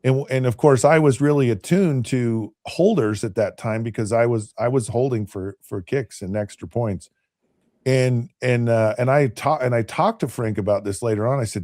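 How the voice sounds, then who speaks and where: A man's voice: medium pitch, normal speed, mellow, dry recording, studio quality. A man in his fifties, a podcast host and former quarterback, telling a long story casually, restarting and repeating words as he goes.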